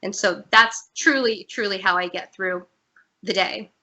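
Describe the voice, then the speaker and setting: A woman speaks as a guest over a video call, her voice bright and clear. She talks openly and earnestly about her own life, at a mid pitch for a woman. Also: a little slow. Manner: earnest, candid, emotional at times. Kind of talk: personal story in an interview.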